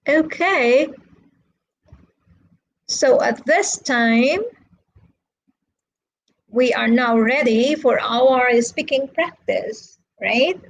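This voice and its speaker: A woman's voice: a little high, gravelly, rough recording. A woman teaching an English lesson in a live-streamed online class, patient and checking in with her students often. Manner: slow, patient, checks in with frequent "okay" and "right".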